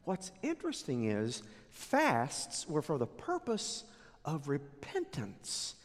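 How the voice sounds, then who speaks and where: Animated high-voiced male preacher. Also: slow. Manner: animated, dramatic storytelling. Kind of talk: sermon storytelling. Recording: echoey hall reverb.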